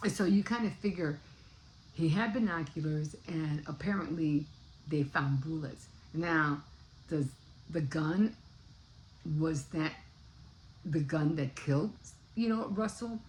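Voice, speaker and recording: A woman's voice: deep voice, a little mellow, slight background noise, poor audio. An older woman casually retelling a book's plot in a rambling way, often stopping to search for words. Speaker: book vlogger. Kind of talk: casual book recap.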